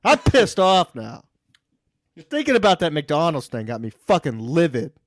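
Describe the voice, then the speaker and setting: Podcast co-host in his twenties, animated ranter, higher voice, profane. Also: normal speed. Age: 20s. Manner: ranting, profane, shouts when riled up. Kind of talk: casual chat. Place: Texas.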